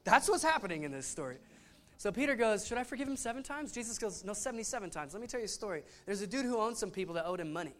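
Male pastor, high register, casual storytelling sermon, light music bed underneath. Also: rapid-fire. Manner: animated storytelling with voiced asides.

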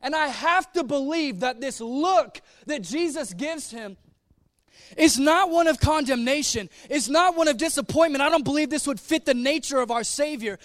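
A man preaching a sermon in a humorous, conversational way, dropping to soft, earnest tones. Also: extremely high pitch, dry recording. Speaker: pastor.

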